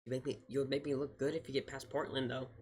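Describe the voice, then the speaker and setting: A man's voice: medium pitch, fast, slight background noise. A man streaming storm coverage, talking casually to himself and exclaiming as he reacts. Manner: excitable, thinking aloud, exclaiming. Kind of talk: casual live commentary.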